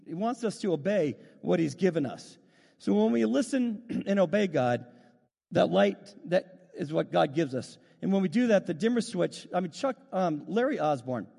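A man's voice: high voice, creaky, a little mellow, long reverb tail. A man preaching as a youth pastor, with a casual, rambling style full of restarts and funny stories, and allergies making him cough. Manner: rambling, restarts often, storytelling with humor. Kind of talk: sermon.

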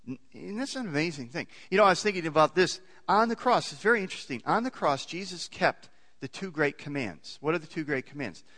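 A man preaching a sermon as a pastor in a church, animated, with pitch that rises and falls for emphasis, often putting questions to the congregation. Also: big-room sound. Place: church sanctuary.

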